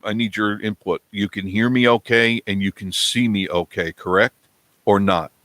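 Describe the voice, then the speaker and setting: A man's voice: on the low side, fairly even intonation, moderate pace, a bit bright, no echo. A man hosting a casual live stream from his home, telling a long rambling story and acting out the quotes. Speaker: vlog host. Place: home studio indoors.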